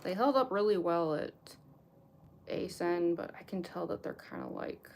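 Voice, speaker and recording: A young woman chats casually as she gets ready on a livestream, her voice a little gravelly and her words full of fillers and restarts. She later speaks with a slight lisp from costume teeth. There is a faint hum behind her. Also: on the low side. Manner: rambling, many fillers and restarts, chuckles often. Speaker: cosplayer livestream host. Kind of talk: casual chat while getting into costume.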